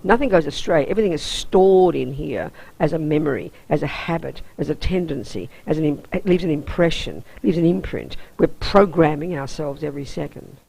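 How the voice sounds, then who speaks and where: A woman's voice: deep voice, brisk, vocal fry, few pauses, dark tone, breathy edge, poor audio. An Australian woman, a Buddhist nun, teaching a weekend course in an intense, emphatic, down-to-earth way.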